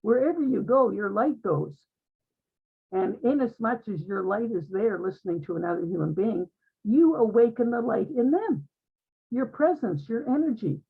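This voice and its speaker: A woman's voice: a little high, lively intonation, normal speed, husky. A woman giving an earnest, uplifting spiritual talk to an online group, often repeating her phrases. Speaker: guest speaker in an online group conversation. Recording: tinny phone-like line.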